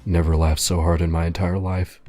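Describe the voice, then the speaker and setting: Deadpan low-voiced male storyteller. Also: a little fast, soft background music.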